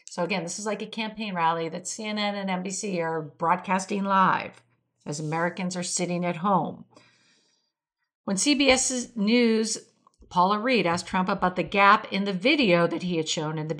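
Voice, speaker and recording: A woman's voice: medium pitch, a bit bright. A woman hosting a weekly news show, reading quotes aloud and adding brief asides. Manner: reads quotes aloud, adds occasional asides with fillers. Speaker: podcast host reading weekly political news. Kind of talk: read-aloud news commentary.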